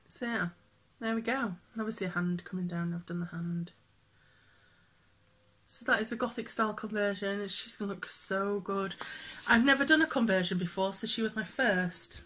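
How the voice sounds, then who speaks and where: A woman's voice: mid-range voice, pushed and bright, a little hiss or hum. A woman chatting casually in a cross-stitch vlog, rambling with many fillers and frequent laughs. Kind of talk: casual chat showing stitching projects.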